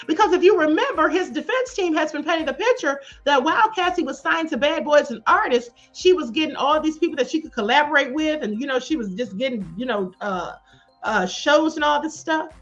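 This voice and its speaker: Sassy woman streamer, high voice, slightly dull sound with faint music behind. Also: fairly quick. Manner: sassy, animated, calls viewers beloved and honey. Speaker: live stream host. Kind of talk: live commentary reading chat.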